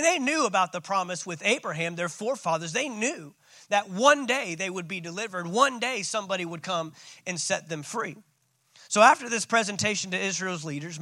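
A man's voice: sits high, normal speed, pushed and bright, no room sound. A man preaching a sermon as pastor, calling out to his congregation. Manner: preaching with call-outs.

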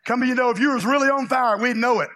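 A man from Louisiana, preaching a loud, exuberant charismatic sermon full of folksy stories and shouted praise. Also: very high-pitched, fast talker.

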